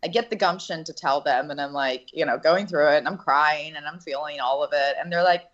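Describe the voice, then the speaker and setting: Woman, low voice, candid personal storytelling, earnest and halting; slightly muffled recording. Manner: earnest, halting, with restarts and nervous laughs. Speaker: actress and interview guest.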